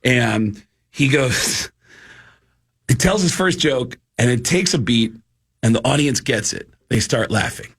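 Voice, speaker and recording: A male comedian telling animated, laugh-filled stories in a podcast chat, with a husky voice. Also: medium pitch, slow pace. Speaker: comedian guest.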